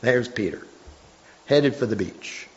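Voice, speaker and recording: Slow, emphatic male preacher. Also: medium pitch, animated. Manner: slow, emphatic scripture reading with frequent restarts. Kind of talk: sermon. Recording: dull lo-fi recording.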